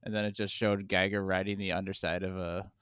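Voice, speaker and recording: A man's voice: low-pitched, level tone, fairly quick, fairly bright tone, clear, resonant tone, dry recording, clean studio sound. A man co-hosting a podcast in casual chat, asking questions and teasing the others. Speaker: podcast co-host.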